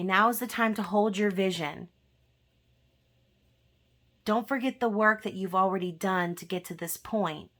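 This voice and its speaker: A woman's voice: medium pitch, a bit bright. A woman giving a casual tarot reading who talks to her viewers directly and often ends a point with "okay?". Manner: conversational, often adds "okay?" at the end of a point. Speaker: tarot reader.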